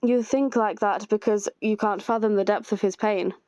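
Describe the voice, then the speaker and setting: A woman's voice: mid-range voice, steady tone, normal speed, darkish tone, dry recording. A woman playing through a story game, reading all the characters' lines aloud herself and adding her own comments. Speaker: gamer reading a visual novel aloud. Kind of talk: playthrough narration voicing every character.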